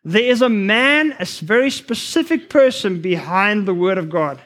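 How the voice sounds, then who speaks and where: A man preaching a sermon to future missionaries, earnest and emphatic, sometimes rushing his words. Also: high voice, animated, fairly bright tone. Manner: earnest, emphatic, rushes at times.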